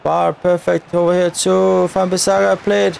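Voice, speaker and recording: A man giving excitable live commentary on his football video game, often shouting at his players and the referee. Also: high-pitched, a little slow, gravelly, slight background noise. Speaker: gaming YouTuber.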